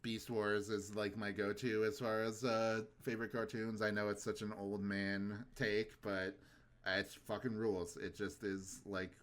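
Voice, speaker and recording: A man's voice: fairly low pitch, little pitch movement, measured pace, a bit bright. Young male podcast co-host, laid-back and chatty. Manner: laid-back, quotes cartoon lines in funny voices. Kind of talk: casual chat.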